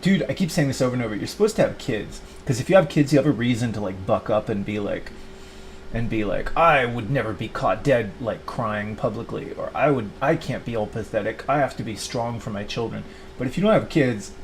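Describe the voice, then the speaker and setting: A middle-aged YouTuber talks to camera in a rambling confessional monologue, full of "like" and restarts, mimicking his past self in mock voices. His medium-pitched voice is a little mellow, with a bit of hiss or hum in the audio.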